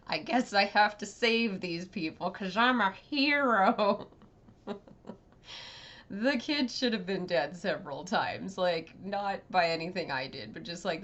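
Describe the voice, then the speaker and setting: A woman with a fairly low voice rants casually through a video game review, rambling and sarcastic with plenty of hesitations. The sound is dull and lo-fi, like a home recording. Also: a bit bright. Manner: rambling and sarcastic, with many fillers.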